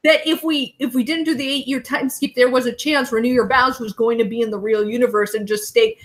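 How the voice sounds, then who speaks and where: Woman, young adult, high voice, excitable, laughs a lot, casual podcast guest. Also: a little fast. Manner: excitable storyteller, laughs often.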